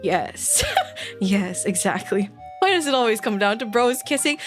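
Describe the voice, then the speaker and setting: A virtual streamer with a mid-range voice chats casually and playfully with her audience, laughing often. She sounds animated and keeps a moderate pace, with faint music in the background.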